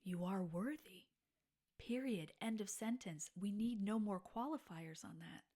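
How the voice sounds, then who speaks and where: A woman in her forties hosting a podcast, telling personal stories in a candid, reflective monologue that sometimes drops to a soft, breathy near-whisper. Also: medium pitch, measured pace. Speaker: podcast host.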